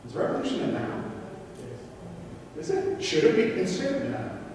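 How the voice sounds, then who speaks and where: A man's voice: normal speed, a little mellow, distant mic, slight background noise. A man giving an interactive conference presentation, animatedly putting rhetorical questions to the audience. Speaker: conference speaker. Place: conference hall. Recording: echoey hall, recorded from afar.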